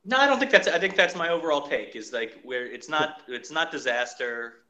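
A man co-hosting a casual sports podcast, giving dry, low-key opinions. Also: expressive, moderate pace, sharp tone. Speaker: podcast co-host.

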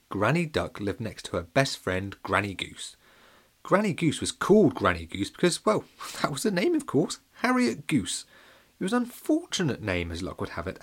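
A man narrating a children's audiobook in a playful, animated storytelling way, speaking directly to the young readers. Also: mid-range voice.

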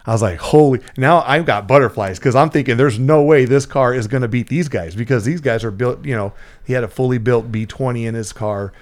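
A man's voice: medium pitch, a little fast. A middle-aged man from Central California telling a story in casual chat, rambling and profane, with lots of fillers and restarts.

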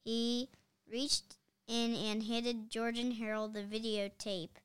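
Woman reading a kids' book aloud, expressive, slightly high voice, very slow pace. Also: smooth. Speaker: reader.

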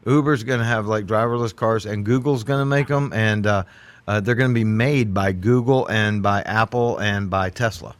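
A man, chatting as a host and telling animated, laughing stories. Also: on the low side, moderate pace. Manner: animated storyteller, laughs often. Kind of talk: casual group chat.

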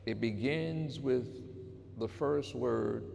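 Man, pastor, sermon, slow deliberate delivery, repeats phrases, fervent, long hall reverb. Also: medium pitch, vocal fry, a little hiss or hum. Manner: rising to loud, fervent exhortation.

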